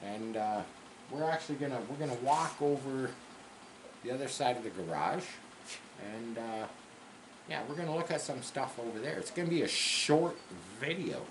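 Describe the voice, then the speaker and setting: A man's voice: mid-range voice, animated, normal speed. A man casually hosting a workshop vlog from his home garage, rambling with lots of fillers. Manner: rambling, filler-heavy, chatty. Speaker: car builder hosting his workshop channel. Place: home garage with a wood stove. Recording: echoey garage with faint background noise.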